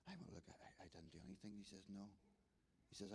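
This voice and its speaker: A man's voice: low-pitched, fairly even intonation, brisk, creaky, darkish tone, husky. A man with a Northern Irish accent telling a church testimony story, acting out the dialogue with frequent restarts. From Northern Ireland. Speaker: restorative justice volunteer giving testimony.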